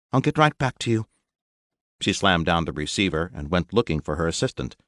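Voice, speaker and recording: A man reading an audiobook with expressive storytelling narration. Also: deep voice, no room sound, studio quality. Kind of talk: scripted narration.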